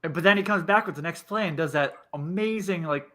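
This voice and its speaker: Man, sports podcast co-host, wry jokes, fairly high, bright voice. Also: brisk. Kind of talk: casual sports talk.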